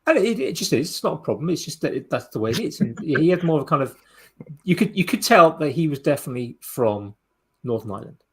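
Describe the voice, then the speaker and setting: A man's voice: a little high, sing-song, fast, breathy edge. A man co-hosting a podcast, chatting casually and rambling with many restarts and fillers. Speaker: podcast co-host. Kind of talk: casual chat.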